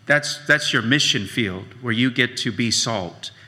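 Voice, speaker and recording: Man, pastor, sermon, emphatic repetition, very bright tone, long hall reverb. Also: medium pitch. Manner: slow, emphatic preaching with repeated phrases.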